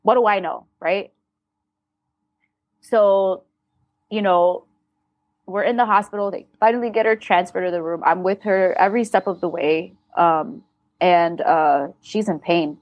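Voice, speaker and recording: A woman speaking as a podcast guest, telling a painful family story in a candid, blunt way, with halting restarts and some swearing. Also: lowish voice, no room sound, lo-fi sound. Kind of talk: emotional personal storytelling.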